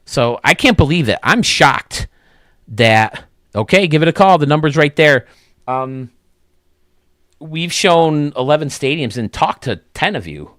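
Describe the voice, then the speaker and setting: A man hosting a video game stadium show, chatting casually and excitably, with lots of restarts. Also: on the high side, measured pace, no echo, clean studio sound. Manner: rambling, excitable, many restarts. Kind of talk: casual chat.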